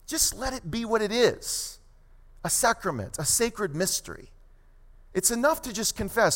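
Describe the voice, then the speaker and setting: A man preaching a sermon as pastor, emphatic, with quick asides and slow, stressed phrases. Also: sits high, animated, a bit bright. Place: church sanctuary. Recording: long hall reverb.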